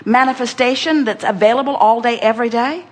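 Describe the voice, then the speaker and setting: A woman giving an inspirational spiritual talk, speaking as "we" and addressing the listener directly, emphatic and repetitive, with sudden jumps in pitch and volume. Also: fairly quick. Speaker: spiritual teacher channeling a group voice. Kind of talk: inspirational talk to a seminar guest.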